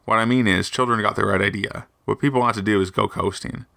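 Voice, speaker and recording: A man's voice: on the low side, fairly even intonation, fast talker, gravelly, bright, forceful tone, no echo, clean studio sound. A man voicing a weary, bitter young army driver who speaks plainly and bluntly. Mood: earnest.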